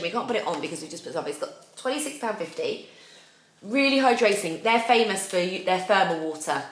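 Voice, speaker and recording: A woman in her thirties, the host of a beauty vlog, chats through a casual unboxing and gushes over every product. Her voice is mid-range with a fairly bright tone, recorded in an echoey room with faint noise.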